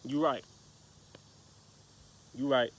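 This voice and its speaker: A man's voice: medium pitch, steady tone, extremely slow. A man casually telling a story to the camera, profane and slangy, rambling with restarts. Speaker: vlogger.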